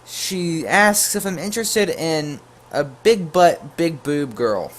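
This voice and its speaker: A man casually telling a storytime tale to his viewers, full of jokey asides and quick self-corrections. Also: fairly high pitch, slight background noise. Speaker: YouTube storyteller.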